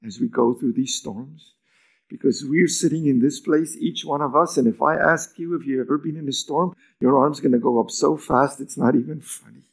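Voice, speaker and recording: A man preaching a sermon as pastor, moving between emphatic lines and hushed near-whispers, with raised, lively pitch when acting out quoted lines. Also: moderate pace, vocal fry.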